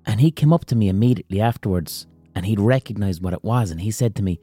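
A man hosting a podcast, telling a crude comic story in an animated way. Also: fairly low pitch, quick pace, few pauses, husky, soft background music. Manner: crude, animated, gasping impressions. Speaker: podcast host.

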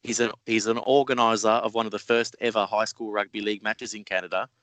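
A male podcast host with a lowish voice leads the interview, ribbing his guest in a friendly way. The sound is dry and close. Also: steady tone, fast talker, a bit bright, dry recording, rough recording. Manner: friendly, teasing, calls guest mate.

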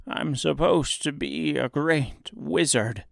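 A timid little old humbug wizard pleads in a trembling, meek voice, put on by a male narrator. The voice is raised and slow. The recording is dry and close. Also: a little high, creaky, a bit bright, no echo, voice pushed up, exaggerated voice.

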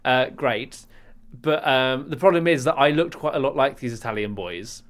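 English male podcast co-host, mid-pitched, rambling comic storyteller. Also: normal speed. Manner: rambling storyteller, self-mocking, bursts into loud repeated lines. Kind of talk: casual chat.

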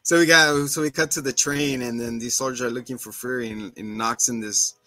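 Podcast co-host, male, bright tone, lively recap style with faint music behind. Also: medium pitch, a little fast, dry recording. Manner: animated retelling, acting out characters' lines. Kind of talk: casual recap chat.

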